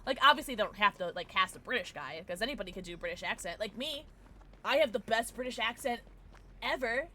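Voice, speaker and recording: A woman streaming a game and chatting casually with her viewers, excitable and quick to thank them. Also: on the high side, a little hiss or hum. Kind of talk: casual livestream chat while gaming.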